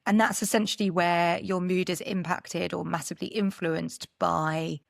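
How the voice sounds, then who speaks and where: A woman's voice: lowish voice, fairly even intonation, moderate pace, creaky, no room sound, clean studio sound. A woman from Britain co-hosting a casual podcast, explaining her points in a chatty, emphatic way. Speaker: podcast co-host.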